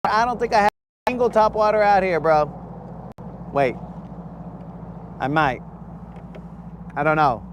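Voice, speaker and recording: Hyped high-voiced man fishing on a boat. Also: expressive, measured pace, long pauses, background noise. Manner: hyped, slangy, talks straight to chat. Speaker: fishing livestream host. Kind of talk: casual livestream chat to viewers. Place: on a boat on a lake outdoors.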